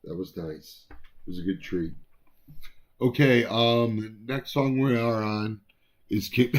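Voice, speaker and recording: Low-voiced man rambling about music. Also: takes it slowly, long pauses. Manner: rambling, many fillers and restarts. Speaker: album review co-host. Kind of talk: casual music review chat.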